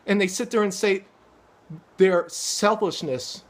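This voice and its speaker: A man's voice: sits high, slow pace. A middle-aged man ranting angrily to his viewers, swearing often and stumbling over restarts. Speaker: vlogger. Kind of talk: angry opinion rant to camera.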